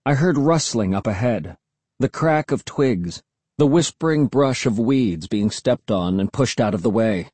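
Husky, expressive male audiobook narrator. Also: medium pitch, unhurried, no echo. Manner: expressive, suspenseful storytelling. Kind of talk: scripted narration.

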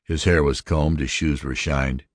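A man reading a story aloud as narrator, measured and steady. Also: a bass voice, no room sound, clean studio sound. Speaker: audiobook narrator. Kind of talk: scripted narration.

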